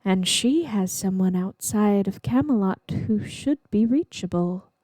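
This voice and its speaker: A woman's voice: mid-range voice, expressive, measured pace, dark tone, no room sound. A woman doing an impatient, plotting young noblewoman.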